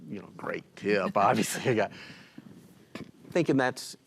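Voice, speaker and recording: A middle-aged man telling a personal story in casual conversation, animated and acting out what others said. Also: fairly low pitch, unhurried, creaky. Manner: animated, acts out other people's lines.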